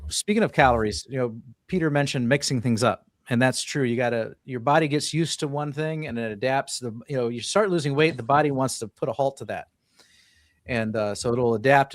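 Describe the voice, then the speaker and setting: Relaxed man explaining diet tips. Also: medium pitch, dry recording, studio quality. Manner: explaining in a relaxed, conversational way with fillers. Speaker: podcast co-host. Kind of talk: casual chat.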